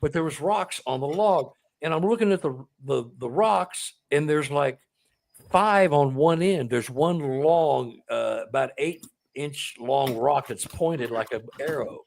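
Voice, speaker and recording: An author appearing as a guest tells a personal story conversationally, in a somewhat high, creaky voice at a measured pace. Emotional and excitable, he is close to tears and repeats words when moved.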